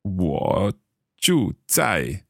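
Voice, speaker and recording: A man co-hosting a language-lesson podcast, asking curious questions and slowly repeating phrases with a chuckle. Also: sits low, big pitch swings, creaky, fairly bright tone, no echo, clean studio sound. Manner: curious, chuckling, slow careful repetition. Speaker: podcast co-host learning Mandarin. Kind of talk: casual language-lesson chat.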